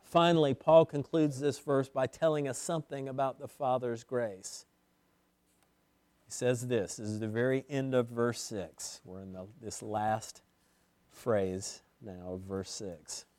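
A man preaching an expository sermon as pastor, emphatic, slowing down and repeating words for weight. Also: mid-range voice, fairly even intonation, a little mellow, no room sound. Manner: emphatic, with slow stretched phrases and repeated words.

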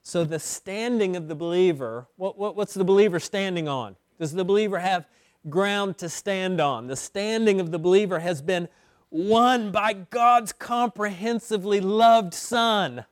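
A male pastor preaching an expository sermon at a slow, deliberate pace, with a slightly higher voice. He stretches phrases and repeats words for emphasis. The sound is dry and close. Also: no echo.

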